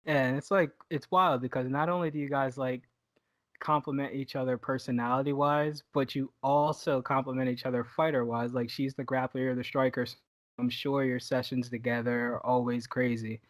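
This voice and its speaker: A man's voice: medium pitch, normal speed, no echo. Dry-sounding male podcast host. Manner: relaxed, rambling questions with many fillers. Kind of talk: casual interview.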